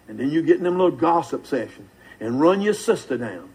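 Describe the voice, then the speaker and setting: A man's voice: a little high, sing-song, brisk, a little mellow, breathy edge, rough recording. An older man preaching a sermon in a fervent, folksy way, calling out to the congregation.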